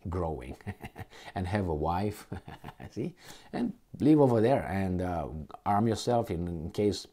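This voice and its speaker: A man giving a rambling political rant, hunting for words and turning heated when indignant. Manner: heated, gets louder and higher when indignant; halting, hunts for words and restarts.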